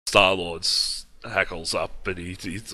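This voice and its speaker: A man's voice: deep voice, flat delivery, slow pace, sharp tone, no room sound. A man co-hosting a podcast, casually recapping a film scene by scene with frequent restarts. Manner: recaps plot at length with frequent restarts and laughs. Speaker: podcast co-host. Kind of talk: casual movie recap chat.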